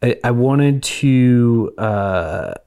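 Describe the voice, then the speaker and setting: A man hosting a comedy show, talking in a dry, earnest, halting way. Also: mid-range voice, lively intonation, mellow. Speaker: host. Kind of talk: deadpan comedy chat.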